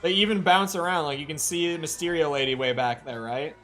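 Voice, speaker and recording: A man's voice: fairly high pitch, a little fast, fairly bright tone. A man streaming a video game, chatting casually and swearing now and then. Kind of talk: casual gameplay commentary. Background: game music.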